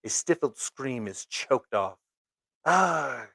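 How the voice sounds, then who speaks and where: A man's voice: medium pitch, measured pace, dry recording. Man casually reading a horror comic aloud. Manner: casual, stumbling over words with asides. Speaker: comic book reader. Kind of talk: amateur read-aloud of a comic.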